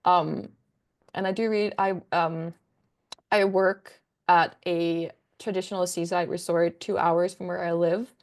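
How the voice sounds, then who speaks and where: A woman's voice: on the low side, fairly even intonation, measured pace. A young woman, a book content creator, chatting as a guest in a casual interview, rambling enthusiastically with lots of fillers.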